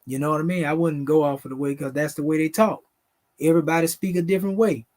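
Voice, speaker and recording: On a late-night livestream, a Southern US host recites spiritual invocations in a preachy style, calling his listeners "family." His voice is on the high side and a little mellow, with fairly even intonation and a quick pace.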